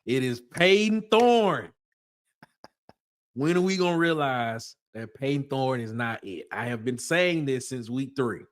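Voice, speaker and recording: An emphatic man co-hosts a sports talk show, pressing his opinions insistently. His pitch swings widely and lively. His voice sits at a medium height. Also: a little slow. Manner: emphatic, insistent, laughs easily. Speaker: podcast co-host.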